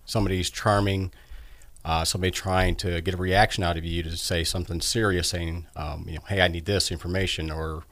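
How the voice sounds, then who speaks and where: A man guest explaining cybersecurity advice in a measured way with many fillers. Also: deep voice, level tone, fairly bright tone, no room sound. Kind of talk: explaining in an interview.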